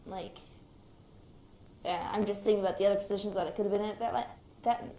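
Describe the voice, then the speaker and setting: A young woman, hesitant and soft-spoken, reflects on her own experience in an interview, talking a little fast in a steady tone with a mid-range voice. She survived a shooting and is currently in the military. The room is spacious-sounding, and there's faint noise in the background.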